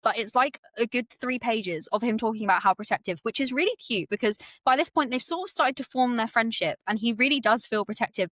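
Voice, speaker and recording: A woman co-hosting a casual book discussion podcast, telling the story with animated quoted lines. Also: dry recording. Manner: animated, acts out quoted lines with rising pitch. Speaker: podcast co-host.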